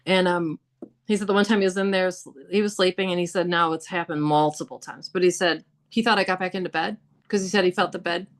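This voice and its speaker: A woman with a somewhat low voice guests on a podcast, recounting eerie happenings in an animated, conversational way. She fills her telling with casual fillers and acts out the lines people said. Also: fast talker. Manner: animated, with laughs, many "like"s and acted-out quotes. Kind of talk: casual storytelling about hauntings.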